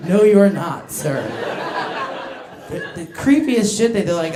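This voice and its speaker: A woman works a comedy club crowd with brash, crude, self-mocking jokes, often breaking into laughter as she teases people in the seats. Her voice is going a little hoarse, and the stage mic picks up a roomy, echoing club sound around her. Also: medium pitch, expressive, normal speed, dark tone, a little hiss or hum. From United States. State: voice getting hoarse. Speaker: stand-up comedian. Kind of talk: stand-up set with crowd work. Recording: echoey club room.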